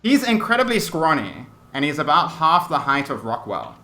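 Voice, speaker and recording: A man's voice: a little high, big pitch swings, moderate pace, bright, forceful tone. A man narrating a tabletop game as game master, descriptive and full of fillers. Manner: descriptive, hesitant with many fillers.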